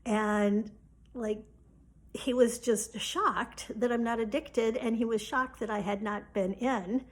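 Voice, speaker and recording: A woman's voice: on the high side, steady tone, slow. A woman casually recounting a personal story, chatty and loose, acting out quoted exchanges and often saying "like". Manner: casual, chatty retelling with quoted dialogue and frequent "like". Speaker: spiritual coach.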